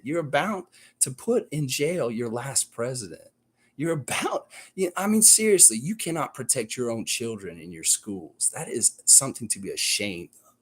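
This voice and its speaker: A man with a Southern American accent, streaming live and reading chat comments aloud, ranting in a heated, blunt and profane way. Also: medium pitch. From United States and Canada. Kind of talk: casual live-stream rant.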